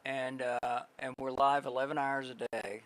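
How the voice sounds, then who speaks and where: Bright-voiced man chatting on a live stream. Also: mid-range voice, flat delivery, a little slow. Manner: rambling, filler-heavy, talks to chat. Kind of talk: casual live-stream chat.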